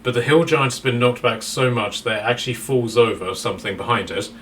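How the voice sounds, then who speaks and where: A man's voice: medium pitch, fairly quick, a bit bright, far from the mic, slight background noise. A man narrating a tabletop game as game master, rambling with many fillers and restarts.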